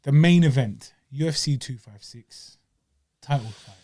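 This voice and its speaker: A man's voice: mid-range voice, a little slow, mellow. A young man co-hosting a podcast, bantering playfully and using slang. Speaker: podcast co-host. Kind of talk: casual chat.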